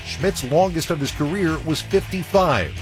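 A man hosting a radio football broadcast, recapping the game in a smooth, measured way. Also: fairly high pitch, music in the background. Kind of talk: radio sports wrap-up.

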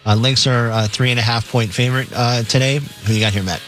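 A man's voice: medium pitch, fairly even intonation, fast, a bit bright, soft background music. A man on sports radio reading out games and betting lines in a plain, matter-of-fact way.

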